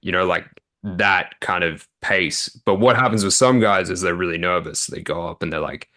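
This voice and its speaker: Deep bright-toned man coaching casually. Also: normal speed. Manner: relaxed, filler-heavy explaining. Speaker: dating coach. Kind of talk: casual interview talk.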